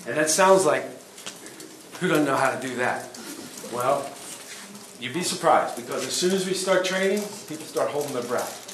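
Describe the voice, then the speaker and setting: A middle-aged man teaching a self-defense workshop, plain and practical, asking the class quick questions. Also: mid-range voice, animated. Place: event hall. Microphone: distant room mic. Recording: echoey hall from far off, faint noise.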